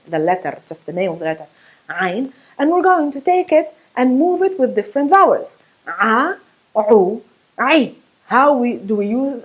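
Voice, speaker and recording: A woman's voice: fairly high pitch, poor audio. A woman whose first language is Arabic gives an online pronunciation lesson, demonstrating throaty sounds and laughing at herself. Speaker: Arabic teacher.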